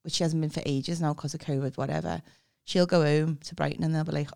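Blunt Scouse woman, crisp dry voice. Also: sits low, fairly even intonation, fast talker, darkish tone, no echo. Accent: Liverpool (Scouse). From Liverpool, England. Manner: blunt, abrupt-sounding, swears freely. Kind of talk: casual chat. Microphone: close podcast mic.

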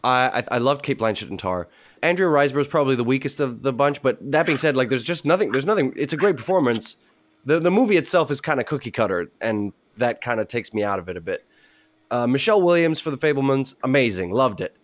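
A man's voice: medium pitch, animated, quick pace. A man on a casual panel discussion, giving emphatic, opinionated takes.

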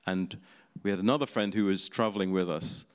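Lower-voiced male preacher, hall reverb. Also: brisk, smooth. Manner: conversational, with laughing asides. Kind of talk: sermon.

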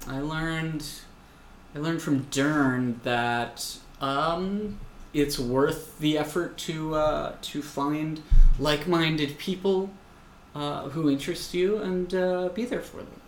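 A man in casual chat, speaking in a slow, thoughtful, halting way with fillers. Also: a little high. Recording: echoey room with faint background noise.

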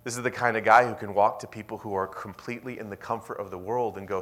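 A young man preaching a sermon in a lively, conversational way, sometimes dropping to a whisper. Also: on the low side, quick pace. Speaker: pastor.

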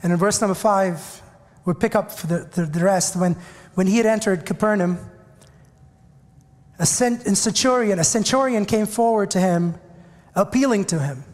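A male pastor with a very high voice delivers an impassioned sermon, calling out to the congregation and circling back over his own phrases. His words ring out with a long reverb, as in a large church sanctuary. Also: moderate pace, a little mellow. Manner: impassioned preaching, calls out to the congregation; repeats and restarts phrases.

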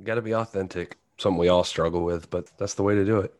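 Easygoing low-voiced man. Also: steady tone, quick pace, darkish tone, no echo. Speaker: podcast co-host. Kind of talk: casual podcast chat.

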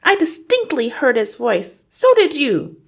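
A woman's voice: wildly swooping pitch, a little slow, gravelly, heavily acted. A woman voicing a panicky middle-aged mother who hisses and shrieks in fright. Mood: panicked. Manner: shrill, frantic hissing and shrieking.

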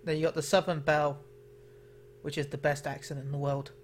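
An English man co-hosting a podcast, chatty and quick to laugh, with frequent restarts. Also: fairly high pitch, flat delivery, slight background noise. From England. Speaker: podcast co-host. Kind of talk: casual chat.

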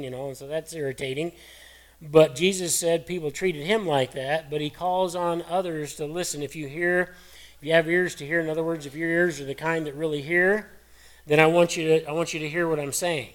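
Hoarse, cracking male pastor, middle-aged, folksy storytelling sermon, slightly high voice. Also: steady tone, fairly quick. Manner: folksy storytelling preacher, earnest and conversational.

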